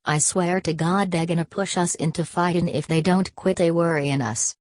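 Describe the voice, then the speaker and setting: A woman's voice: fairly low pitch, normal speed, a little mellow, dry recording, close to an everyday voice. A woman reading the lines of a worried male camp committee chairman in a plain folksy drawl.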